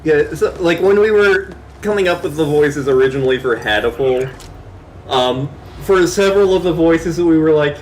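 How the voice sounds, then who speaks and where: A man co-hosting a gaming stream, chatting casually and jokily, now and then slipping into quick silly voices. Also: fairly high pitch, slight background noise. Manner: animated, jokey, slips into quick silly voices. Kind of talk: casual chat. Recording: game music playing behind.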